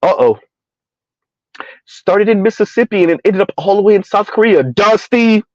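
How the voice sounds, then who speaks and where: A man's voice: high voice, moderate pace, a little mellow, dry recording. A middle-aged man, ranting in a casual comedic way and laughing often, with a sing-song lift on his repeated punchline. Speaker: commentary vlogger. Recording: dry, dull lo-fi recording.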